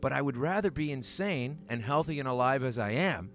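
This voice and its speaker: A man's voice: medium pitch, expressive, brisk, fairly bright tone. A Canadian man hosting a podcast in casual chat, rambling with lots of fillers and restarts. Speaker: podcast host.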